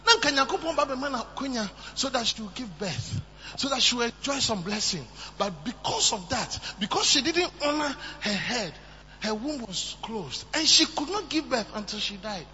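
Man, sermon, high-pitched, very expressive, faint hum. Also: normal speed. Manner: animated, switching between soft asides and shouted emphasis. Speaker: preacher. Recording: muffled, with long hall reverb and faint hum.

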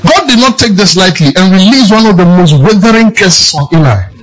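Pastor preaching hard, high voice that swoops up and down, often shouting. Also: male voice, animated, a little fast, poor audio. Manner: forceful, emphatic, often shouting. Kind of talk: sermon.

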